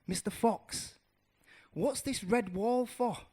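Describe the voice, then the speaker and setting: Guy doing a squeaky excited little mouse, storybook voice, high and eager. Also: takes it slowly, husky, heavily acted. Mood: curious. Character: curious young male mouse, wide-eyed and eager.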